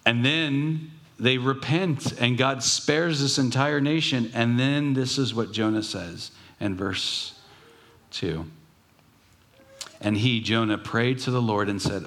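A man's voice: mid-range voice, takes it slowly, fairly bright tone. A man preaching a sermon as pastor, earnest, with emphatic rising bursts.

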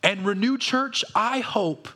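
A pastor with a fairly high voice preaches to his church at a slow pace. His delivery is lively and conversational, and he poses one rhetorical question after another.

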